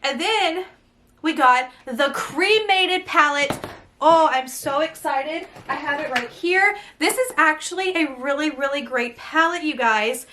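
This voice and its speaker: A young woman, gushing breathlessly through an excited unboxing vlog. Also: sits high, unhurried, slight background noise. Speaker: beauty vlogger.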